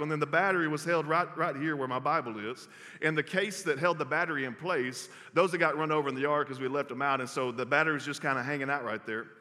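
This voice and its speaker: A man's voice: a little high, bright, forceful tone. A young adult man from Texas, preaching a sermon and telling a folksy story to the congregation. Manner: folksy storytelling, addressing the crowd as y'all. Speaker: pastor. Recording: reverberant hall.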